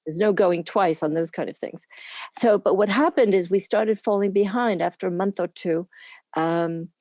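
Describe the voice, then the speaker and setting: A woman's voice: mid-range voice, moderate pace, a little mellow, dry recording, clean studio sound. An older woman, a camera assistant being interviewed, talking casually and rambling on with frequent laughs. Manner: chatty, rambling, laughs often.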